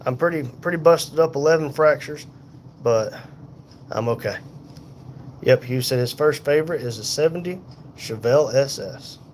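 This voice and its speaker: Sore tired guy talking into his phone from a hospital bed, reading chat slow and folksy, faint hum behind. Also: medium pitch. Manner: unhurried, folksy, reads viewer comments aloud. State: in pain, tired. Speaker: livestream host reading chat. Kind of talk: casual live chat. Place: hospital room.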